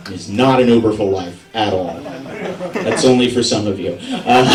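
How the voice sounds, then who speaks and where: A young man performing a stand-up set, rambling in an agitated, self-mocking way. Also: a little high. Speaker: stand-up comedian. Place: veterans hall at an open mic night. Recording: roomy hall recording from a distance with audience.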